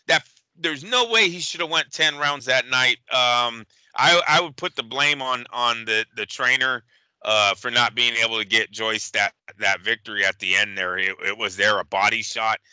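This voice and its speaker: A man's voice: mid-range voice, bright, forceful tone, clean tone, no echo, poor audio. A man co-hosting a boxing podcast, giving emphatic, profane fight analysis in casual chat. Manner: emphatic, profane, rapid-fire opinions.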